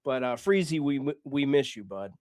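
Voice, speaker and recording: A man's voice: medium pitch, expressive, moderate pace, a little mellow, no echo, clean studio sound. Guy hosting a comedy podcast, swears a lot, laid-back joking. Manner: loose and profane, joking with co-host. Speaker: podcast host. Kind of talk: casual podcast chat.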